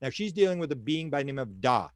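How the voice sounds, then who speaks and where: An older man, a guest in an interview, telling stories in an animated way and often repeating words while he searches for the next one. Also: mid-range voice, fast talker, no echo, studio quality. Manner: animated storyteller who acts out quoted dialogue. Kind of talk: storytelling in a casual interview.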